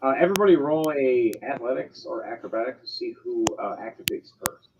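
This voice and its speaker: A man's voice: mid-range voice, lively intonation, brisk, noisy background. A man narrating as game master of a tabletop game, loose and full of ums and uhs. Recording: slightly dull, lo-fi sound with faint music behind.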